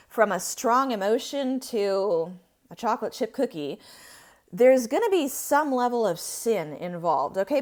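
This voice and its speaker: A woman in her thirties hosting a faith-based talk on recovering from abuse, speaking in an earnest, emphatic way that rises to intensity. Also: fairly high pitch. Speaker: podcast host.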